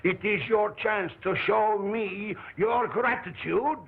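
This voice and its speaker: A man's voice: high voice, slow pace, gravelly, husky, full character voice. An actor playing a scheming mad doctor in a 1930s horror film, delivering his lines in a theatrical, melodramatic way. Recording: tinny, lo-fi 1930s film soundtrack.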